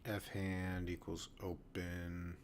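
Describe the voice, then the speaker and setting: A man's voice: deep voice, completely flat delivery, slow pace, slight background noise. A sleepy man studying code, reading notes half-whispered and thinking aloud. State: sleepy, yawning. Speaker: student learning to code.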